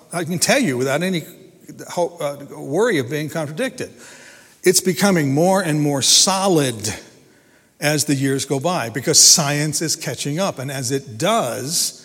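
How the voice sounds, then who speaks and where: A man's voice: on the high side, fairly bright tone, breathy edge. A man preaching a sermon in an earnest, emphatic way, often repeating and restarting his words. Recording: long hall reverb.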